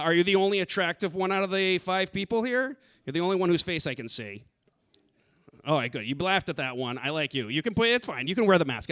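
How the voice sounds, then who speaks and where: A man doing a stand-up set on a theater stage, deadpan and self-deprecating, bursting into shouted rants. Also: high-pitched, smooth. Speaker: stand-up comedian.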